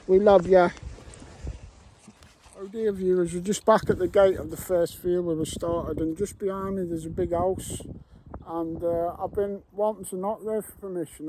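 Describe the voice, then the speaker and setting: Bloke, high voice, rambling jokey chat to viewers out in a field. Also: male voice, darkish tone, a little hiss or hum, poor audio. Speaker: vlogger and metal detectorist. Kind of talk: casual chat to camera. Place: outdoors in farm fields.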